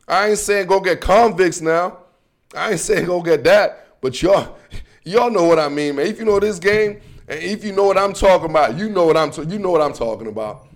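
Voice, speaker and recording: A man hosting a casual sports rant, talking in an animated, slangy and emphatic way, sometimes breaking into shouts. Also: sits high. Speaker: sports commentary host.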